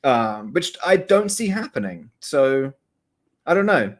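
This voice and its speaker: A man's voice: medium pitch, sing-song, slow pace. A man co-hosting a casual podcast chat, rambling and correcting himself mid-sentence, often laughing. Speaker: podcast co-host. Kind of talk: casual chat about soccer betting.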